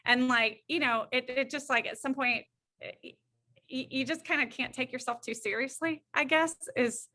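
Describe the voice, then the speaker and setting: The speaker is a middle-aged woman, a guest counselor, whose high voice moves at a moderate pace. She shares an anecdote energetically, performing each person's lines.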